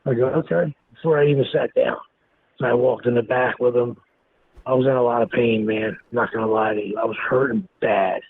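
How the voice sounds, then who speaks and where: A man's voice: mid-range voice, fairly quick, slightly rough. A man, a guest in an interview, telling a story bluntly and with lots of swearing. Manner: blunt, profane, animated storyteller. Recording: tinny phone-like line with faint noise.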